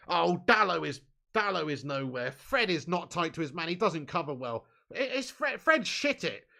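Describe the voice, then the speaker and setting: A man's voice: sits high, bright, forceful tone. A man hosting a live match watch-along, reading out viewer chat with blunt, sweary football banter and lots of "mate" and "bud". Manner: chatty, often adds "mate" and "bud". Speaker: fan channel host reading live chat.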